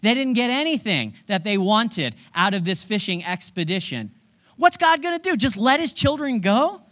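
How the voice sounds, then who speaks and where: A man preaching a casual sermon, retelling the stories with animated quoted dialogue. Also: sits high, moderate pace. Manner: animated storytelling, acting out quotes.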